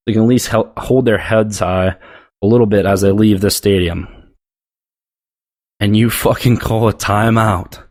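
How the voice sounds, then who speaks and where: A man's voice: fairly low pitch, a little mellow. A man hosting a sports show, delivering a blunt, profane, heated rant about football. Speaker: sports podcast host.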